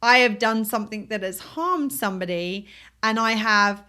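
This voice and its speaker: Bright-voiced woman, reflective podcast chat. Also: mid-range voice, normal speed, clear, resonant tone. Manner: reflective, explains at length with restarts. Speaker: podcast co-host. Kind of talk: casual conversational chat.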